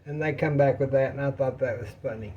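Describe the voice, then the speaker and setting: A man's voice: mid-range voice, fairly even intonation, fast talker, a little mellow, breathy edge, highs cut off. Folksy man cooking at home. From Texas. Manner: folksy, rambling, talks to viewers as y'all. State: out of breath. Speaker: cooking vlogger. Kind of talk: casual home cooking chat. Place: home kitchen.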